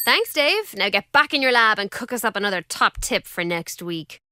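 A woman hosting a children's radio show, upbeat, cheerful and animated. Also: medium pitch, moderate pace, clean tone, no echo, studio quality. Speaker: host.

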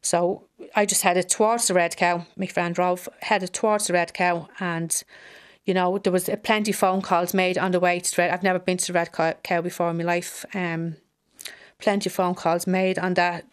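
A middle-aged Irish woman, a bereaved mother, giving halting personal testimony that repeats phrases as she relives a hard day. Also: on the low side, flat delivery, clear, resonant tone.

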